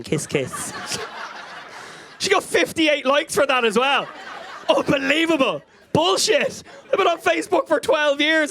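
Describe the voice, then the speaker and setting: A high-pitched Irish man in his thirties tears through a stand-up set on a comedy club stage, talking straight into a handheld mic. His delivery is frenetic and anecdotal, and he keeps pulling the crowd in with questions. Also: fairly bright tone. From Ireland. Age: 30s. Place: comedy club stage before a live audience.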